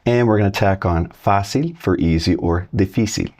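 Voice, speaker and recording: Clear examples delivered at a slow pace mark this casual Spanish lesson on video. The male teacher has a low voice and a relaxed, supportive manner.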